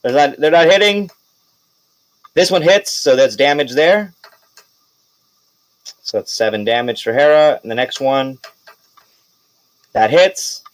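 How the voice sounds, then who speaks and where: A man's voice: medium pitch, no echo, low-quality recording. A man running a tabletop role-playing game as game master, narrating casually with laughs and swearing.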